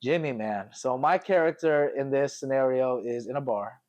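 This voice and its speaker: A young man hosting a podcast, chatting casually and telling lively stories while mimicking other people's voices. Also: mid-range voice, normal speed. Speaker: podcast host. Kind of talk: casual chat.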